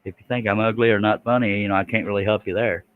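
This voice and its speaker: A man's voice: lowish voice, fairly even intonation, fast, smooth, phone-quality sound. A man, chatting casually with viewers while he works a scroll saw on a livestream. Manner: folksy, chatty, reads out viewer comments.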